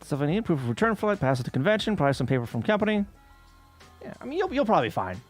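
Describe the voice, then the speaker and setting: A man's voice: high-pitched, big pitch swings, racing, soft background music. A man chatting casually on a livestream, telling an exasperated, profane story while he works. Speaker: streamer. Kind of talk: casual chat with chat while working.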